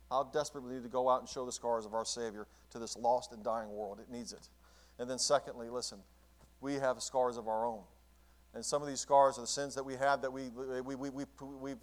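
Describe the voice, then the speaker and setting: A male pastor preaching a sermon, quoting old scripture and repeating phrases fervently. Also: mid-range voice.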